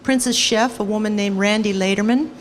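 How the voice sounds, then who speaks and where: A woman, a former sound engineer, telling stories on stage to an audience in a lively, animated way. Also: medium pitch, normal speed, long reverb tail. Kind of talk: storytelling on stage.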